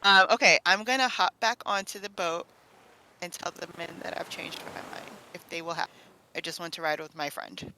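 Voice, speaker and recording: A woman with a bright, forward voice plays in a tabletop game session. She chats casually and giggles often, with a faint background hiss. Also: lowish voice, moderate pace, poor audio. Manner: giggly, chatty, describes her actions. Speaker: player. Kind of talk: casual tabletop role-play.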